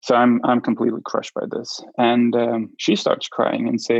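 A man in an interview telling a personal story, halting and restarting often as he speaks. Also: mid-range voice, completely flat delivery, vocal fry, no room sound, highs cut off. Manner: halting, with many restarts and fillers. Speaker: interview guest.

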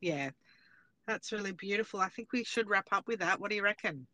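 A woman's voice: mid-range voice, fairly quick, pushed and bright, no echo. An Australian woman in her forties hosting a podcast, chatting casually and laughing between phrases. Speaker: podcast host. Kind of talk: casual chat.

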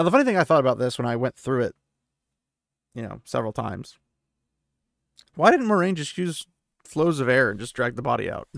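Laid-back male podcast host, gravelly, dry close mic, chatty paraphrasing. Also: mid-range voice, fairly bright tone, dry recording. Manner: loose, conversational paraphrasing with fillers. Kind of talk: casual book recap.

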